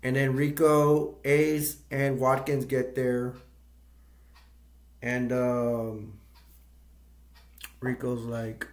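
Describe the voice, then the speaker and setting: A man of middle pitch talks casually through a film's story and keeps stopping to search for the right word. His voice sounds echoey, as if recorded in a bare room. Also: little pitch movement, slow pace, long pauses, a little mellow. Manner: rambling, searching for words. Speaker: movie review channel host. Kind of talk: casual plot recap.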